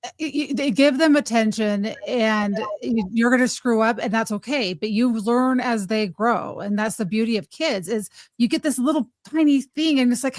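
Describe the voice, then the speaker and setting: A woman's voice: on the high side, moderate pace, no echo. A woman guest speaking earnestly in casual chat, giving advice with rambling restarts. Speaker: podcast guest.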